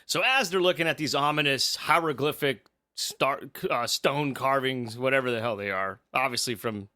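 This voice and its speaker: A man co-hosting a podcast, recapping a horror film in casual chat, animated and laughing often as he acts out lines. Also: mid-range voice, normal speed. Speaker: podcast co-host.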